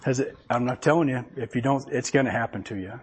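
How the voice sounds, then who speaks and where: A man's voice: medium pitch, fast talker, breathy edge. A man preaching a conversational sermon, folksy and chuckling often as he reads scripture aloud. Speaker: pastor.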